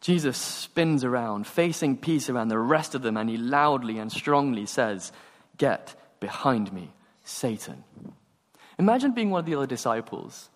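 A man preaching a sermon, telling stories and acting out the dialogue with animated energy. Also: medium pitch, normal speed, hardly any pauses. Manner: animated storytelling, acts out dialogue. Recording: long hall reverb.

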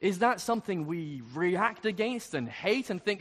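A man's voice: sits high, lively intonation, moderate pace, few pauses, fairly bright tone. A man preaching a sermon, speaking earnestly and building to emphatic questions. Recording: long reverb of a large hall.

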